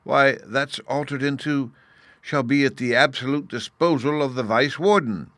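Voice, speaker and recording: A man's voice: medium pitch, moderate pace, a bit bright, no room sound, pitched above the performer's own voice, lightly acted. A man voicing a silly, greedy noblewoman who gushes eagerly over schemes and jewels. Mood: scheming. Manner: gushing, eager, emphatic.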